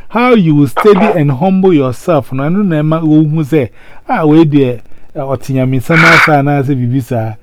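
Animated man, fairly high voice. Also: moderate pace, a little hiss or hum. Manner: animated, mixing English and local language, frequent exclamations. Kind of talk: casual chat.

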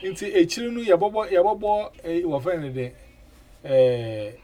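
A man hosts a loose, mixed-language radio chat. His voice sits a bit high for a man. He keeps things animated, leaning on 'eh' fillers and doubling his words. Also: normal speed.

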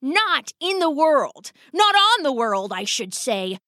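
A woman's voice: sits high, sing-song, slow, pushed and bright, dry recording, clean studio sound, voice pushed up, exaggerated voice. A woman voicing an old, pompous, dramatic male rat father in a storybook tale, blustering and theatrical. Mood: grandiose.

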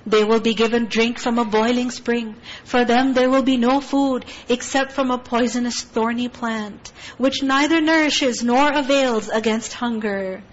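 A woman giving a Quran tafsir lesson, earnest and full of rhetorical questions, reciting Arabic verses quickly between her explanations. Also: on the high side, steady tone, dull audio. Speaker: Quran teacher.

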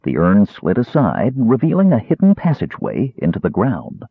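A man narrating a fantasy audiobook in a measured, expressive storytelling manner. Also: lowish voice, creaky, breathy edge, dry recording. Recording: dry, tinny phone-like sound.

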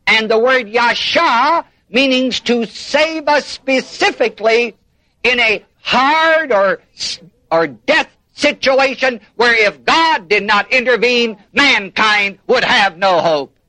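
A man's voice: very high voice, slow, sharp tone, dry recording, rough recording. A man preaching a sermon, emphatic, repeating and stressing key words and prompting his listeners to finish his sentences. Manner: emphatic, prompts the congregation with "what?".

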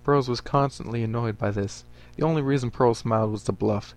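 A man reading a story aloud for a podcast in a steady, even manner. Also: mid-range voice, brisk.

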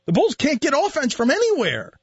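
Animated high-voiced radio host. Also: male voice, no room sound. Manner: animated, laughs often, quick rhetorical questions. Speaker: radio sports show host. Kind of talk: casual sports talk radio banter. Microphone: studio microphone. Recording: dull, band-limited radio studio audio.

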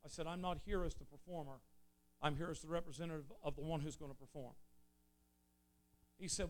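A preacher telling an earnest story in a sermon, swelling loud and then dropping low. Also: male voice, steady tone, a little fast, pauses often. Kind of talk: sermon testimony.

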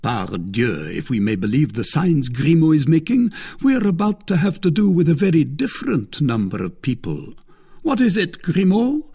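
A man voicing a calm, ironic musketeer in a read-aloud novel, measured and dry, with a gravelly, husky voice. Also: on the high side, pitched above the performer's own voice, heavily acted.

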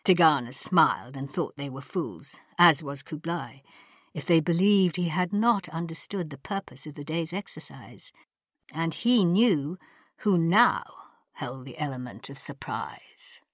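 低沉的女声有声书朗读. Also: female voice, low-pitched, lively intonation, dry recording, clean studio sound. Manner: measured storytelling, voices characters. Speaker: audiobook narrator. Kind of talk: scripted narration.

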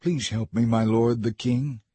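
A man's voice: mid-range voice, fairly even intonation, a little slow, warm tone, husky, dry recording. A man reading the lines of a desperate, starving woman in a scripture story.

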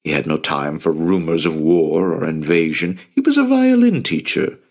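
A man narrating a novel as an audiobook in a steady storytelling manner. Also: low-pitched, normal speed. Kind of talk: scripted narration.

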